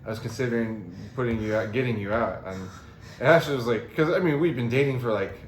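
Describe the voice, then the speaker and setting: A man's voice: medium pitch, fairly quick, reverberant, slight background noise. A man co-hosting a podcast in casual chat, laid-back and swearing, laughing along with his friend. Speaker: podcast co-host.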